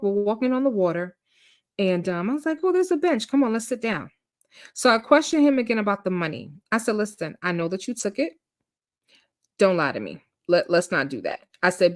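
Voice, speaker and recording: A woman telling a personal story in casual chat, animated, acting out quotes and laughing often. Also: medium pitch, no echo, clean studio sound. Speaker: storytime host.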